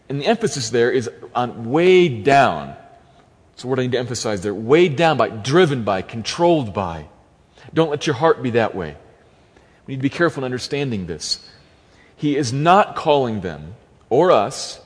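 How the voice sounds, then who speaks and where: A man's voice: mid-range voice, breathy edge. A man preaching a sermon, reading scripture aloud and then explaining it earnestly, repeating key phrases for emphasis. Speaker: pastor. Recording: long hall reverb.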